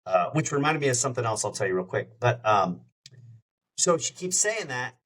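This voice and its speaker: A middle-aged man who hosts radio tells stories in an easygoing podcast chat. He rambles and jumps from one anecdote to another, with a voice of ordinary pitch. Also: big pitch swings, normal speed, a bit bright. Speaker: radio show host, podcast guest. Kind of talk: casual storytelling chat.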